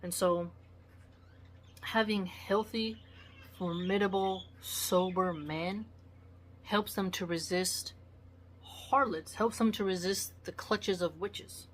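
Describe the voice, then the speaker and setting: A woman with a lowish voice lecturing in a blunt, preachy way. She talks straight to the camera in solo commentary, with a faint hum of room noise behind her. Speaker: vlogger.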